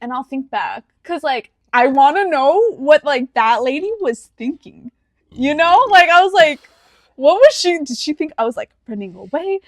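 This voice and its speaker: A woman's voice: high voice, expressive, moderate pace, dry recording, studio quality. A woman in her twenties, co-hosting a podcast and telling a personal story animatedly, slipping into the voices of the people she quotes. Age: 20s. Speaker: podcast co-host. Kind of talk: casual chat.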